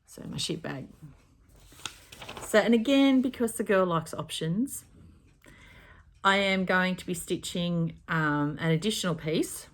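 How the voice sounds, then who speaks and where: In her craft room, a woman with a distinctly low voice talks through what she plans to stitch. Unhurried and pausing often, she rambles in a relaxed way and keeps correcting herself mid-sentence, like a casual cross-stitch vlog.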